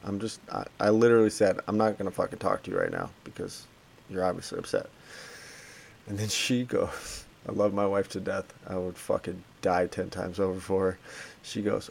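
A man's voice: deep voice, fairly quick, vocal fry, a little hiss or hum. A man in his thirties co-hosting a casual chat, telling a story with plenty of swearing and acting out the quotes. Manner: storytelling, animated, acts out quotes. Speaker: podcast co-host.

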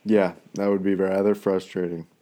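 A man in his thirties, a dad, in casual chat, blunt and quick to swear, laughing along. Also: low voice, little pitch movement, warm tone. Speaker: friend chatting, a dad.

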